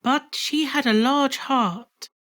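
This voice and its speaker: Storybook spirit, grave and hushed; a woman reader gives it a lower, softer voice. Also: slow pace. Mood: solemn. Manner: low and quiet. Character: solemn ghost of the past.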